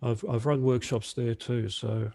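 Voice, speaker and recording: A man's voice: mid-range voice, level tone, unhurried, vocal fry, mellow. An Australian man presenting in a webinar over a video call, chatty and hesitant with many fillers. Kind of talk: casual webinar talk.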